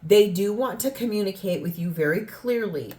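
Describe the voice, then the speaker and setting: A woman with a warm, mid-range voice speaks at a normal pace while giving a tarot reading. She's earnest and tends to ramble, now and then acting out the lines people say.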